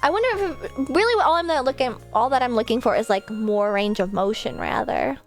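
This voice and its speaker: A woman's voice: a little high, fairly quick, soft background music. A woman VTuber streaming from her home setup, chatting casually, rambling and swearing now and then, with a desk mic set a bit far off. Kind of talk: casual live-stream chat.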